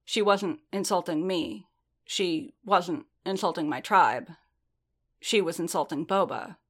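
A woman's voice: lowish voice, measured pace. A woman reading aloud and voicing a stubborn armored man who speaks in clipped, restrained anger. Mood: tight. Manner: tight, clipped, restrained fury. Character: stubborn, guarded man in armor, quietly angry. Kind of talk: fan fiction audiobook reading.

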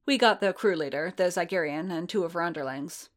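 A woman reading a story aloud and voicing a cool, sharp-tongued female mercenary who talks briskly and bluntly. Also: lowish voice, natural voice.

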